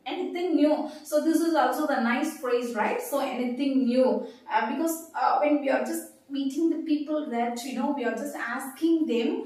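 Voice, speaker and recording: Woman English teacher, high voice, slow and repetitive with fillers; recorded from afar in a very echoey room. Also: a little mellow, distant mic. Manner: slow, repetitive, many fillers, stresses intonation. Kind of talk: casual spoken lesson.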